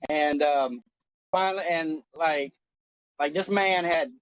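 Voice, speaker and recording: Man, forties, high voice, animated, profane, joking, dry muffled sound. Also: slow pace, no echo. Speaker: co-host. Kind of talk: casual chat.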